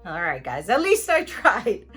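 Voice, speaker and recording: A woman's voice: mid-range voice, wildly swooping pitch, measured pace, over loud music. A woman pronunciation teacher explaining sounds in a scripted lesson, with playful jokes and carefully articulated example words.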